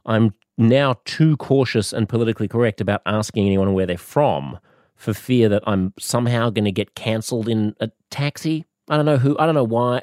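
A man's voice: mid-range voice, moderate pace, a little mellow, dry recording, clean studio sound. A man with an Australian accent telling a rambling, sarcastic comedic monologue, jumping up into mock-innocent questions.

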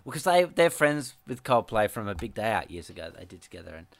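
A man's voice: fairly low pitch, very animated, fast talker, no echo. A middle-aged man, a musician co-hosting a casual chat, telling a rambling story with frequent laughs and restarts. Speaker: podcast co-host, musician.

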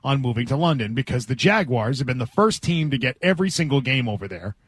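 A man's voice: mid-range voice, lively intonation, fast, breathy edge, dry recording. A man hosting a sports talk radio show, reading out quotes and then arguing his point. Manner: reads quotes aloud, then argues a point.

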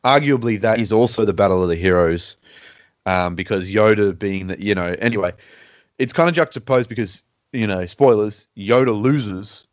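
A man with a fairly low voice hosts a casual podcast chat. He rambles and restarts as he works through his ideas. The sound is dull and lo-fi, in a dry room. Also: moderate pace, dry recording. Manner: rambling, restarts often while he thinks aloud. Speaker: podcast host.

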